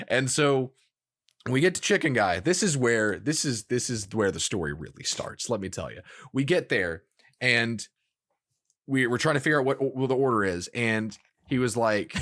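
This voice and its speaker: A man co-hosting a gaming podcast, telling a story in casual chat, animated and laughing as he quotes others. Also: medium pitch, normal speed. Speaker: podcast co-host.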